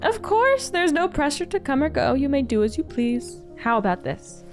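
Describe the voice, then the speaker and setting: A woman voicing a gentle, unhurried tea shop keeper in a video game, speaking formally and coaxing someone to rest. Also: high-pitched, very animated, soft background music, pitched above the performer's own voice.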